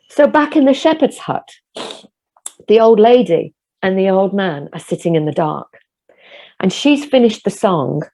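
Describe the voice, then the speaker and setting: A woman telling a folk tale at an online concert over a video call, gentle, measured and vivid. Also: mid-range voice, vocal fry. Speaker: folk storyteller.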